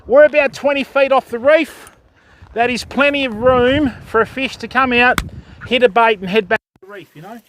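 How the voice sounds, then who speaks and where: A man's voice: very high voice, normal speed, fairly bright tone. An older Australian man hosting a fishing livestream from the beach, chatting casually and greeting viewers by name while explaining what he's doing. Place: beach outdoors.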